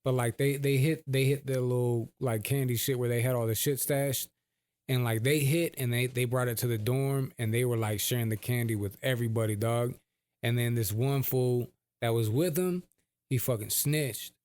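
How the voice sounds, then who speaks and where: Relaxed, rambling Bay man. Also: mid-range voice, normal speed. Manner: relaxed, rambling, profane storyteller. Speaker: podcast co-host. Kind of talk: casual storytelling.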